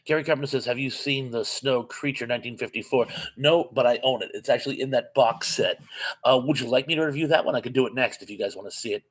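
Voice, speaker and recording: A man hosting a live chat, reading out viewer comments and replying casually. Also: mid-range voice. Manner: chatty, reads viewer comments aloud and answers them with quick asides.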